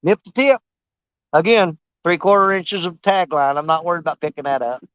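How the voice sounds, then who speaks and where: A man with a drawl talks in a high, light voice, rambling and cracking jokes at his own expense as he fishes outdoors. The sound is dry and a little dull. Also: fairly quick, a bit bright, clean tone, no room sound. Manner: rambling, joking, self-mocking. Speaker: fishing channel host. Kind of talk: casual outdoor vlog talk. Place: outdoors while fishing.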